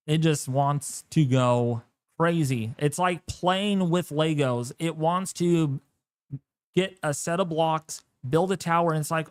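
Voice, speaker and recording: A man hosts a live weather stream, talking at an unhurried pace. His commentary is animated and jokey, full of exclamations. The sound is dry, with no room around it. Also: on the high side, clear, resonant tone, dry recording.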